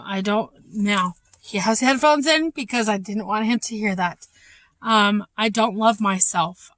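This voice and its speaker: A young woman giving a candid, halting home vlog update with many fillers, troubled by an ongoing cough and short of breath. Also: a little high, a bit bright, no room sound. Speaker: vlogger. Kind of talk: casual personal update.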